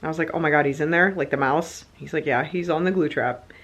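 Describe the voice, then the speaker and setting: A woman vlogger telling a personal story in a chatty, animated way, full of fillers and quoted back-and-forth. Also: low voice, quick pace, breathy edge. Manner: chatty, animated, lots of fillers like "like" and "you know". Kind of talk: casual storytelling vlog.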